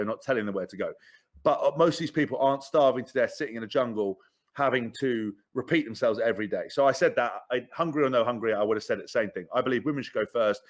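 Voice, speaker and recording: A man in his thirties, a podcast guest telling candid stories in a blunt, sweary way, often repeating words. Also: medium pitch. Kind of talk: candid storytelling.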